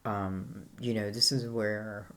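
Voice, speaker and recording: A woman's voice: very deep voice, fairly even intonation, slow pace, a bit bright. An Irish woman giving a casual, rambling tarot reading, full of fillers like "you know" and "I feel like". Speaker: tarot reader.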